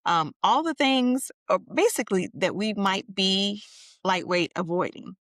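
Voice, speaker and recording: A woman co-hosting a podcast in casual chat, lively and affirming, with a chatty manner. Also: medium pitch, measured pace, dry recording, clean studio sound. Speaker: podcast co-host.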